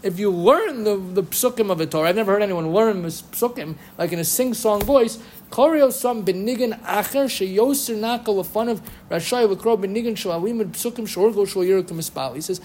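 High-voiced man teaching Jewish law. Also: a little fast, slight background noise. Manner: lively, quotes rabbinic sources, chants Hebrew phrases. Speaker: Torah teacher. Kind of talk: halachic lecture.

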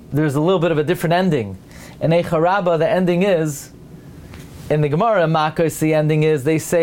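A man giving a Torah lecture, weaving in many Hebrew and Aramaic terms, and his voice climbs as he builds each point. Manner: animated, rising pitch when building a point. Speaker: rabbi giving a Torah class.

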